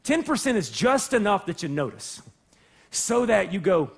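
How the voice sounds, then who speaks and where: A male pastor preaching in a church, animated and jokey, breaking into playful voices to act out the people and God in his story. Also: sits high, moderate pace, vocal fry, husky. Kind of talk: sermon. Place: church sanctuary.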